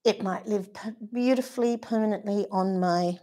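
A woman's voice: medium pitch, normal speed, warm tone. A woman teaching watercolour painting in a live demonstration. She chats and thinks aloud as she paints, and she gushes about colours and brushes. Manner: chatty, thinks aloud while painting, gushing.

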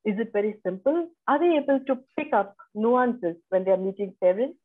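A woman counselor moderating a panel talk show, agreeable and measured. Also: fairly high pitch, lively intonation, slightly rough. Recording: tinny phone-like video call line.

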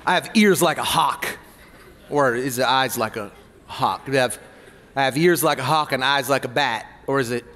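A man preaching a sermon as pastor, playful and animated, joking with the congregation between points. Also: medium pitch, moderate pace, in a large hall. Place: church hall.

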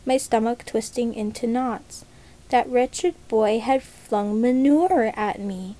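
A woman reading a first-person story aloud as a storyteller, with a measured, dramatic delivery. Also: fairly high pitch, mellow. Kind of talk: scripted first-person narration.

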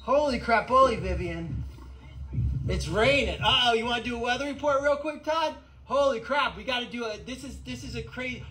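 A man hosting a casual live vlog outdoors on an animal sanctuary farm, talking in an excitable, rambling way. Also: very high-pitched, moderate pace, rough recording.

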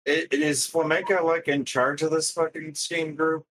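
A man's voice: fairly high pitch, level tone, normal speed, a bit bright. Blunt exasperated man questioning. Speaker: call participant. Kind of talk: heated discord call.

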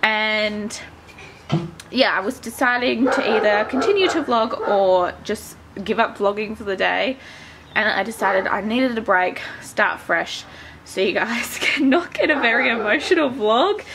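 Chatty Australian young mum, gravelly voice. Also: female voice, mid-range voice, unhurried. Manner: chatty, confiding to viewers, drops to a whisper at times. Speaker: vlogger mum. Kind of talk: casual home vlog. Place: house and backyard. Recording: noisy home camera recording.

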